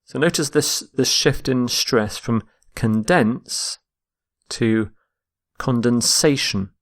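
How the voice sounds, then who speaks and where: A man giving a vocabulary lesson at an unhurried, careful pace. He speaks in a mid-pitched voice and says each word twice, pausing so learners can catch the stress. His delivery is patient and methodical. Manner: deliberate, repeats each word to stress its syllables. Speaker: English teacher. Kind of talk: slow, explained vocabulary lesson.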